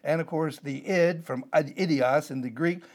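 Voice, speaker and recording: A man's voice: fairly high pitch, moderate pace. An older man teaching a Bible passage verse by verse, explaining word by word and wandering into side topics with many "uh" fillers. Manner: digressive, explanatory, frequent "uh" fillers.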